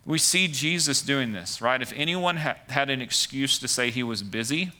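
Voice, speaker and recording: A man's voice: mid-range voice, sharp tone. A man preaching a conversational sermon as pastor, full of "like" and "right" asides.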